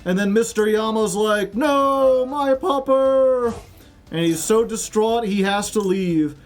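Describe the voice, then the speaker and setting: High-voiced joking game streamer. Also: male voice, moderate pace, darkish tone, faint music behind. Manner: rambling, joking, spins silly stories. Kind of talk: casual game commentary.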